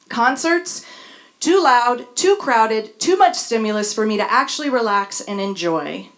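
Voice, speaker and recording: A woman's voice: mid-range voice, a bit bright. A woman reading her own personal essay on a stage in front of a live audience, with a wry, emphatic delivery. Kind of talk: spoken essay read on stage.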